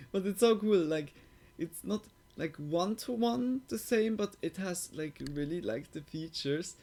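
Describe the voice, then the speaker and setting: A man chats casually on a live stream as he reacts to a video, rambling and padding his thoughts with filler words. His voice sits fairly high and he talks slowly, drawing out his words. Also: lively intonation, warm tone. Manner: rambling, heavy use of "like" fillers.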